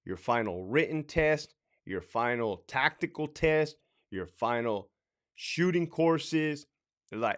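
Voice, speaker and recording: A man telling a personal story in a casual, emotional, halting way, repeating phrases and sighing. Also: medium pitch, animated, fairly bright tone, smooth.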